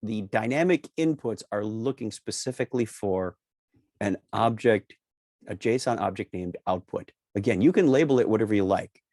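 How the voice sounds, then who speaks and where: A man's voice: fairly low pitch, lively intonation, normal speed, darkish tone, no echo. Dry-sounding man demoing with wry jokes. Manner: joking, repeats key points with emphasis. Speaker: co-host presenting a software demo. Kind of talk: casual screen-share tutorial.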